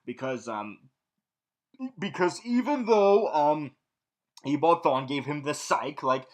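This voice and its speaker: A man's voice: on the high side, lively intonation, takes it slowly. A young man in a villain persona, rambling through a casual, snarky TV recap full of fillers and restarts. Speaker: vlog host recapping a TV show.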